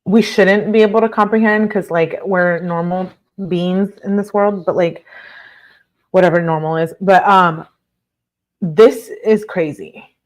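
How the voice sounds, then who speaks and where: A woman's voice: lowish voice, fairly even intonation, unhurried. A woman hosting a casual live stream, reading documents aloud and breaking off to react with blunt outrage and lots of fillers. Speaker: livestream host reading court documents.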